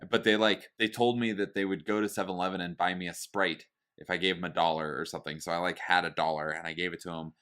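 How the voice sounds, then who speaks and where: A man's voice: sits low, fairly even intonation, fast talker, hardly any pauses, fairly bright tone, smooth. A man in his thirties chatting casually on a podcast, telling a story in a laid-back, hesitant way.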